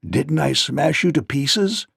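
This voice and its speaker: A man voicing a pompous, easily frightened fat gnome king in a storybook read-aloud, crying out in high, shaken tones. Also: animated, slow, creaky, a bit bright, husky, no echo, studio quality, full character voice. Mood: trembling.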